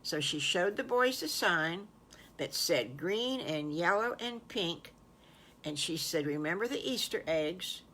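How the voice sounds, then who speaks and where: An older woman, a grandmother, telling an improvised children's story in a warm, folksy, exclaiming way. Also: on the low side, lively intonation, slow pace, slight background noise.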